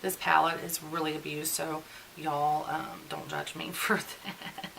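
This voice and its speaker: A chatty woman in her forties, venting in a casual get-ready-with-me vlog. Her voice is bright and forceful. She sounds conversational and a little exasperated, as if talking to a friend. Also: sits low, flat delivery, a little slow, vocal fry, slight background noise, poor audio. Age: 40s. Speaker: beauty vlogger.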